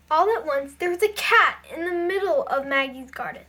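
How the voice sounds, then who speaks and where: A woman's voice: high voice, moderate pace, few pauses, pushed and bright. A woman reading a children's picture book aloud in a careful storytelling voice. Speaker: storybook reader.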